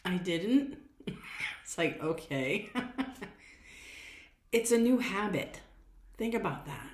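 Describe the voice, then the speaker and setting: A woman's voice: mid-range voice, animated, drawn-out words. A woman hosting a podcast, giving chatty, encouraging motivational talk and repeating her phrases. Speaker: podcast host and coach. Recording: echoey room.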